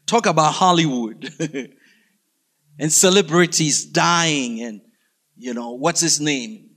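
A man preaching, from Africa, telling a story in an animated way and acting out the scenes with sudden shouts. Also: fairly high pitch, slow pace. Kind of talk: storytelling sermon.

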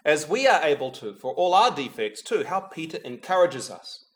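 At normal speed and with big pitch swings, a man whose voice is on the high side preaches a reflective, prayerful homily. He directly addresses Jesus, quieting to a hush every time he says the name, with touches of gentle humor throughout.

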